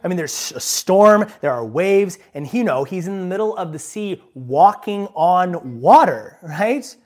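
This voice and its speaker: Preaching in a high, unhurried voice, a pastor delivers his sermon with lively emphasis, shifting between hushed asides and loud, driving lines. He speaks to the congregation like a friend, repeatedly asking "right?" to get their agreement.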